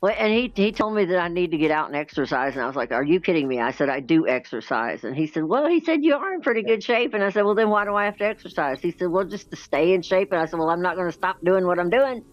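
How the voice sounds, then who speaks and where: A woman in her sixties, chatting casually and retelling a conversation, acting out the quoted lines with lively jumps in her voice. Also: fairly low pitch, fast, hardly any pauses, no echo, lo-fi sound. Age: 60s. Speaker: chat participant. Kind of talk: casual chat.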